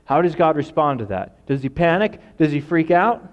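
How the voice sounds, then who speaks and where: A male pastor preaching a sermon, acting out voices and swinging from loud outbursts to hushed lines. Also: fairly high pitch, expressive, fairly quick, few pauses, dull audio. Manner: dramatic, acts out quoted voices, swings from loud to quiet.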